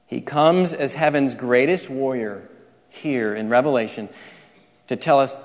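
A man's voice: medium pitch, unhurried. A man preaching a sermon, explaining scripture step by step and often restarting his sentences. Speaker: pastor. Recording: reverberant large hall.

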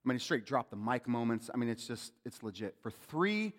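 A man preaching a sermon as a pastor, animated and calling out questions to the congregation. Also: medium pitch, normal speed. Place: church sanctuary. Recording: long hall reverb.

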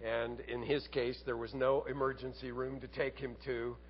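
A man preaching a sermon as a pastor, earnest, asking rhetorical tag questions and sinking to quiet emphasis. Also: medium pitch, little pitch movement, normal speed, husky, muffled recording.

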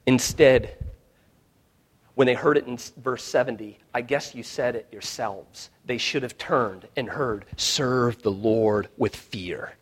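A male pastor delivers a sermon, swinging between hushed, quiet lines and loud, shouted ones. His voice is mid-range and his pace slow.

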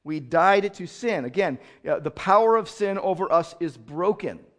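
A man preaching a sermon as pastor, swinging from loud outrage to quiet explanation. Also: sits high, lively intonation, normal speed.

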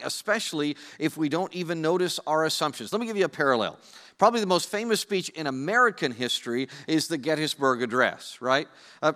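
A man's voice: fairly high pitch, pushed and bright, in a large hall. A man preaching a sermon, conversational and playful, speaking straight to his congregation. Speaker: pastor.

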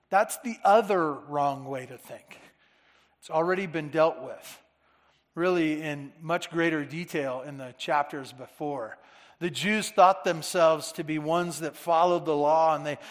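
A man's voice: on the high side, unhurried. A man preaching a Sunday-morning sermon to his church, earnestly repeating phrases for emphasis. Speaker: pastor. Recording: long reverb of a large hall.

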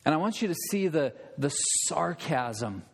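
Preaching in a church sanctuary, a pastor delivers an emphatic, impassioned sermon, building his points through repetition and rhetorical questions. His voice sits on the high side and is creaky and slightly rough, very animated at a normal speed, with the long reverb of a large hall.

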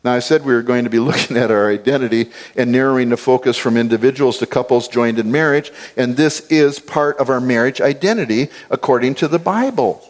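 A man's voice: mid-range voice, a little fast, hardly any pauses. A man giving an expository Bible teaching, explaining word meanings and repeating key phrases for stress.

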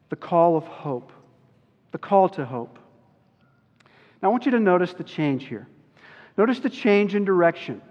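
A man preaching a sermon as a pastor, earnest and slowing down on key words. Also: high-pitched. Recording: dull recording with long hall reverb.

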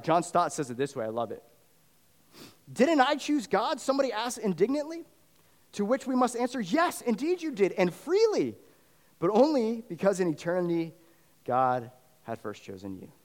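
A pastor giving a sermon in a conversational style that swells into fervent emphasis. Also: male voice, a little high. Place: church sanctuary. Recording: long reverb of a church hall.

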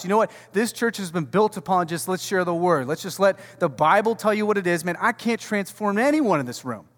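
A man preaching a conversational sermon as pastor, swinging from loud to hushed and repeating words as he goes. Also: sits high, lively intonation, a little fast, hardly any pauses. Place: warehouse church hall. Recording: long reverb of a large hall.

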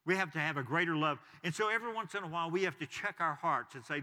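Bright-voiced preacher man in a reverberant hall. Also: fairly high pitch, fast, hardly any pauses. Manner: conversational preaching, frequent "you know" asides. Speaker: pastor. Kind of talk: sermon.

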